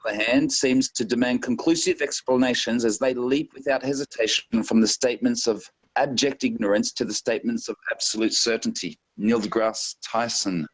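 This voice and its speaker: A man in a casual online hangout, reading passages aloud and breaking off to mock them. His voice is mid-pitched and sits in a dry, close sound. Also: steady tone, normal speed, few pauses, slightly rough, dry recording, rough recording. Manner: mocking, reads quotes aloud with sarcastic asides. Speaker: hangout participant.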